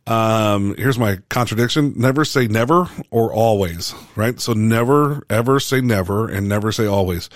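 Man, pastor, low voice, casual church talk, lots of fillers, dry close sound. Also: no room sound. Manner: relaxed, halting with many fillers and restarts.

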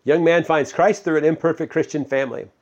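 A pastor preaching a casual, conversational sermon, full of fillers and questions to the congregation. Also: male voice, on the high side, fairly even intonation, a little fast, lo-fi sound.

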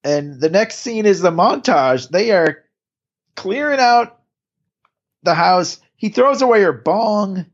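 A man co-hosting a podcast and recapping a TV episode in easygoing chat. His pitch swings up and down in a bouncy way, and he rambles, trips over restarts and chuckles between points. The audio sounds a bit dull and lo-fi. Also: animated, slow. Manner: rambling, lots of restarts and laughter. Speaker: podcast co-host.

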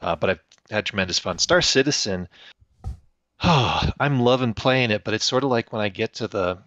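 A man in casual podcast chat, thoughtful and hesitant, pausing with fillers. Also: fairly low pitch, expressive, fairly bright tone, no room sound. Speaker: podcast co-host. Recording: muffled lo-fi audio.

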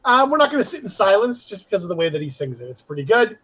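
A man co-hosting a podcast in casual chat, chiming in with quick reactions and eager agreement. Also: high-pitched, sing-song, fairly bright tone, husky. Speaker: podcast co-host. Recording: dull lo-fi mic.

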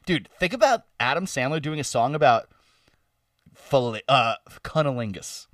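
A man in his twenties co-hosting a podcast, chatting casually with swearing and quick animated asides. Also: medium pitch, no echo, clean studio sound, distant mic. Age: 20s. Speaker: podcast co-host. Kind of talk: casual chat.

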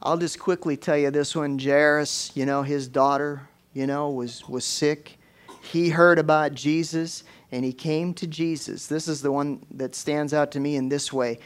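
A man's voice: fairly high pitch, unhurried. A man preaching a folksy, conversational sermon, rising into fervent exclamations as he drives his points home.

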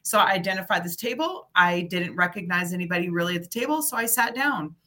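Bright-voiced woman telling a lively story. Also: lowish voice, fast talker. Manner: animated storyteller, acts out the people she quotes. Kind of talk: casual chat.

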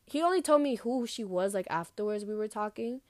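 A young woman vlogger telling a personal story in a loose, casual way, full of fillers and swearing, animated as she retells it. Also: mid-range voice, a little fast, dry recording, studio quality.

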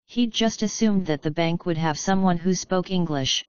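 A woman narrating a book chapter in a calm, measured storytelling manner. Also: lowish voice, no room sound, dull audio. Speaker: audiobook narrator. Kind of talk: scripted narration.

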